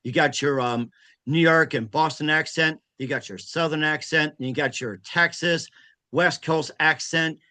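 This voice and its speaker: A man's voice: on the high side, measured pace, pushed and bright. A man from the United States hosting an interview, asking rambling questions with many fillers. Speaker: host.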